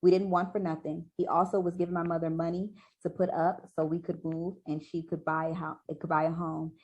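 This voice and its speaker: Woman w a husky low voice, earnest storyteller reading her own book out loud. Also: flat delivery, fairly quick, dull audio. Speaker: author and podcast owner. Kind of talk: reading her memoir aloud, then interview answers.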